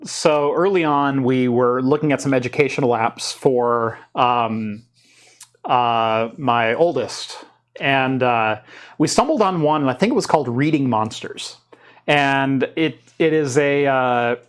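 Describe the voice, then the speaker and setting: This podcast host, a man in his thirties from Oregon with a US West Coast accent, rambles through a casual tech show chat with restarts and fillers. His voice is medium-pitched and unhurried.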